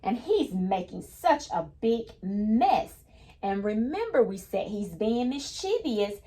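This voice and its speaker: Slow, lively-voiced woman teaching children. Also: medium pitch. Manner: patient, explains each new word simply. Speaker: teacher reading a picture book aloud. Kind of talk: children's read-aloud lesson.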